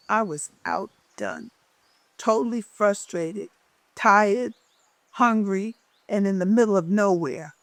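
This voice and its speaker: A woman reading her own memoir aloud as a lively storyteller who changes her voice for the people in it. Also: medium pitch, takes it slowly, no room sound.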